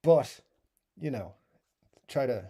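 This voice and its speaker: A relaxed middle-aged man with an Irish accent, his voice warm and mellow in tone. He chats casually through a live stream, reading out comments and chuckling at his own asides. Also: medium pitch, takes it slowly, breathy edge. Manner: easygoing, chuckling, self-deprecating asides. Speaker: YouTube live stream host.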